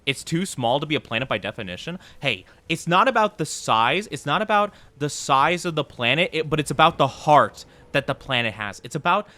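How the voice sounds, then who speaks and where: A man's voice: on the high side, sing-song, a little fast, few pauses, pushed and bright. A young man streaming a video game, chatting casually with his viewers and teasing them in a playfully mock-indignant way.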